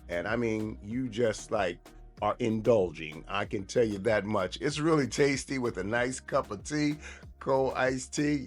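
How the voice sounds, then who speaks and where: A man hosting his own cooking video, chatting casually and repeating himself while he shows the dish. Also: medium pitch. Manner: relaxed, chatty, repeats and restarts phrases. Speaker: cooking show host.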